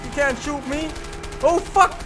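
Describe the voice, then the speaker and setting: A young man streaming a co-op game, boastful and yelling with casual swearing. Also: very high voice, a little slow, music in the background. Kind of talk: casual gaming commentary.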